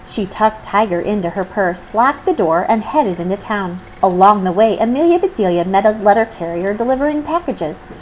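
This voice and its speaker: A woman reading a children's storybook aloud, with expressive, animated storytelling. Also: medium pitch, moderate pace, hardly any pauses, a little hiss or hum, low-quality recording. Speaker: storybook reader. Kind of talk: children's read-aloud narration.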